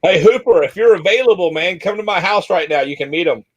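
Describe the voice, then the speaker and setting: A man's voice: high-pitched, quick pace, dull audio. A man hosting a casual online group chat, joking and telling stories with quoted voices acted out. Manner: joking storyteller who acts out quoted voices. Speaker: host of a group chat show.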